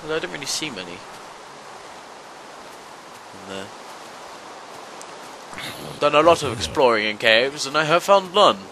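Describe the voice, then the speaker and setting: A young man giving let's-play commentary, talking to the monsters and yelping and shouting whenever they hit him. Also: medium pitch, lively intonation, unhurried, pauses often, slight background noise, low-quality recording. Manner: talks to monsters, yelps and shouts when hit. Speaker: gaming channel host.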